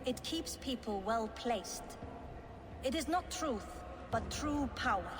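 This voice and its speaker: An actress playing a zealous cult leader in a video game, speaking slowly and solemnly with fanatical conviction. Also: female voice, on the high side, lively intonation, in a large hall, noisy background.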